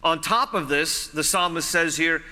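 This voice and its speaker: A man's voice: a little high, measured pace, bright, forceful tone. A man preaching a sermon in a conversational way, repeating phrases for emphasis. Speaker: pastor. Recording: long hall reverb.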